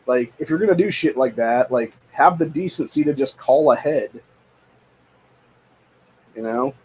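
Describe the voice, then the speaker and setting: A man's voice: medium pitch, unhurried, a little mellow, slightly rough. A young man at home, ranting in a casual, profane, exasperated way with lots of repetition. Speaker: podcast host. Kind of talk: casual rant.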